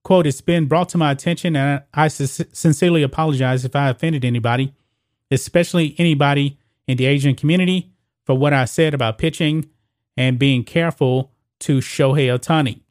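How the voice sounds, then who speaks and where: A man's voice: on the high side, brisk, a little mellow, dry recording, studio quality. A man hosting his own sports opinion channel, talking casually to viewers and reading news reports aloud with stumbles. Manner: reads news quotes aloud with stumbles and restarts. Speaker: sports commentary host.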